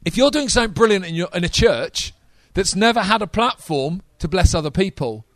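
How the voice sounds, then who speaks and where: A man preaching a sermon to a live congregation, energetic and talking straight to the audience. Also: sits high, fairly quick, no echo.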